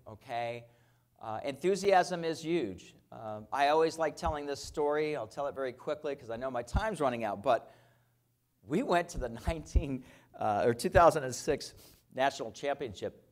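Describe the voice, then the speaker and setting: A man in his fifties giving an energetic motivational keynote as a company founder, telling stories and often checking in with his audience. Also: medium pitch. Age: 50s. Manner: energetic, storytelling, keeps checking in with "okay?". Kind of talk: motivational conference talk. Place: conference stage.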